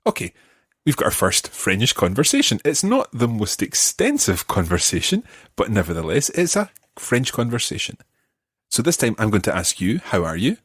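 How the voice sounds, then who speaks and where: In this friendly guided podcast lesson, a middle-aged language teacher patiently explains and models pronunciation for learners. He speaks at a moderate pace in a lowish, slightly rough, somewhat bright voice with wildly swooping pitch, and there's no room sound.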